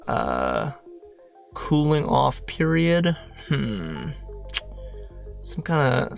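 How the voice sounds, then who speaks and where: A man's voice: mid-range voice, vocal fry. A man solving a crossword puzzle while thinking aloud, muttering, questioning himself and trailing off. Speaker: crossword solver.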